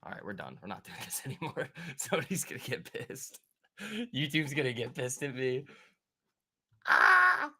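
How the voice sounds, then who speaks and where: A man's voice: medium pitch, expressive, brisk, fairly bright tone, breathy edge. A man hosting a live stock market stream, chatting casually, joking and reacting to viewers and charts. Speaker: stock trading livestream host.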